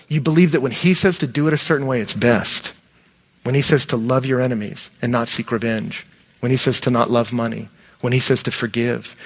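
A middle-aged man, a pastor preaching a sermon in a conversational, animated way. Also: a little high.

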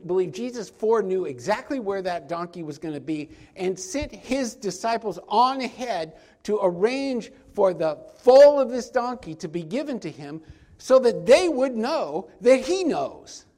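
A male pastor preaching a sermon, emphatic and slowing down to stress key points. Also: sits high, a little mellow.

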